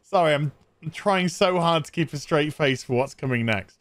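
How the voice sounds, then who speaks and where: Brief: high-pitched man, dry close sound, sarcastic comedy movie recap. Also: normal speed, a bit bright, no echo. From England. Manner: sarcastic, acting out characters in silly voices. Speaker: movie reviewer.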